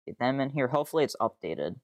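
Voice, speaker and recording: A man's voice: medium pitch, big pitch swings, fast, no echo, studio quality. A young man streaming casually, rambling and easily sidetracked, swearing freely with exasperated outbursts. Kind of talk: casual live-stream commentary.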